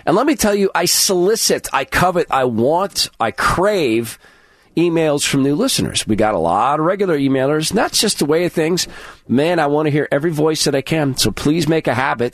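A man's voice: on the high side, no room sound, clean studio sound. A man hosting a talk radio show, delivering a sarcastic monologue with mocking asides.

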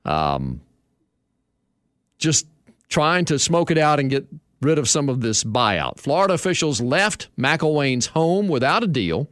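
A man hosting a sports talk radio show, telling stories in a lively way. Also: fairly high pitch, unhurried, dry recording, studio quality. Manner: lively storytelling, chuckling.

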